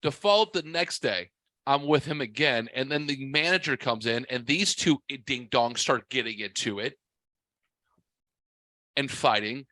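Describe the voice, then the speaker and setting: A man in his forties telling a story on a casual podcast in a blunt, profane, animated way. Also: mid-range voice, measured pace, no echo. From half white, half Mexican heritage. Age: 40s. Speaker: podcast host.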